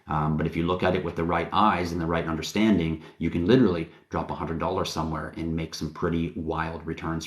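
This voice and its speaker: A man's voice: low-pitched, a bit bright, roomy sound. A man hosting a casual livestream, rambling in a hyped-up way and swearing casually. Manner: rambling, hype-driven, casually profane. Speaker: livestream host and company founder.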